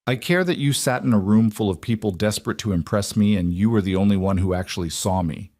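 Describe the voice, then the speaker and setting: A man voicing a commanding, possessive male CEO who speaks low and controlled, in a dry recording. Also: quick pace, a little mellow, no room sound, lightly acted.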